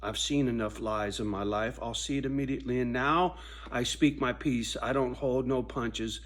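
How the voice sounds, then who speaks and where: A man in a profane casual monologue, swinging from a loud, preachy rant to low muttering. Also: fairly even intonation, normal speed. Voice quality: swears constantly, preachy and intense. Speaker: vlogger.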